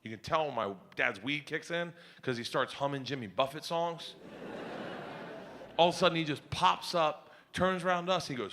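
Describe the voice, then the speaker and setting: A man telling a crude, animated stand-up story on stage before a live audience. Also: on the high side, normal speed, a little hiss or hum. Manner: loud, animated, crude punchlines. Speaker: stand-up comedian.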